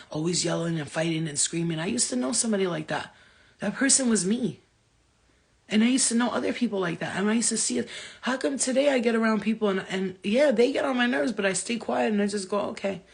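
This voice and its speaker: A woman with a gravelly, fry-edged voice speaking straight to camera in a casual monologue. She is blunt and candid, swearing freely and chatting like she's talking to a friend. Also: medium pitch. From Albanian family background. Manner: blunt, profane, candid storyteller. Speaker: vlogger.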